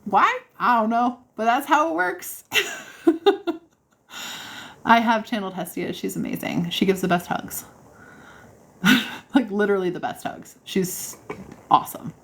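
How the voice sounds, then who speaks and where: A woman's voice: mid-range voice, unhurried, vocal fry, pauses often, a bit bright. A woman hosting a casual livestream, answering viewer questions in a bubbly, encouraging way and laughing often. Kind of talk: casual live chat.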